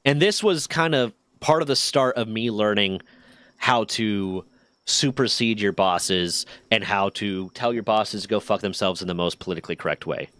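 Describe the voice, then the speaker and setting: A man's voice: on the low side, normal speed, dry recording. A man streaming, telling a workplace story in a casual, profane way and acting out the dialogue. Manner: profane, animated retelling with quoted dialogue.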